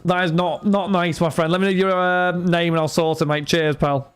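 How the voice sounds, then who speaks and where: A man's voice: sits high, flat delivery, normal speed, smooth. A young man chatting casually on a live stream, reading out viewer messages and talking football with frequent restarts. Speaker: livestream host running card breaks. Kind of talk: casual livestream chat.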